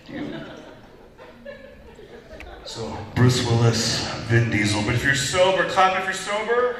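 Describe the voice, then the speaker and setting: A man doing a stand-up comedy set on a large theater stage, animated and jokey, slipping into silly voices. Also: medium pitch, takes it slowly, long pauses. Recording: echoey hall, far mic, crowd. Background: audience laughing and clapping.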